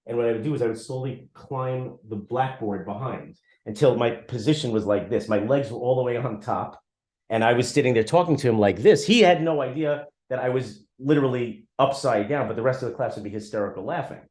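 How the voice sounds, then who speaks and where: A man's voice: medium pitch, brisk, a little mellow. A man co-hosting a podcast in casual chat, blunt and teasing as he tells stories. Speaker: podcast co-host.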